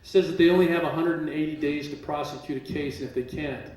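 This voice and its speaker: His pitch is fairly high and he talks fast, spinning animated stories for a live audience at a seminar held in a large room. He mimics what others said and breaks into occasional laughter, all captured by a distant mic with plenty of room echo.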